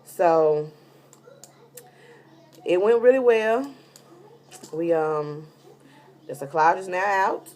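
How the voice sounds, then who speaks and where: A woman's voice: on the low side, extremely slow, long pauses, darkish tone. A heavily pregnant woman telling a rambling, casual story in a vlog, full of fillers. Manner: chatty, rambling with many fillers. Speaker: vlogger giving a pregnancy update.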